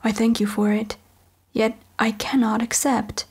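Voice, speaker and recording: A woman voicing a calm, stubborn young mortal prince who speaks respectfully and steadily. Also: on the high side, a little slow, breathy edge.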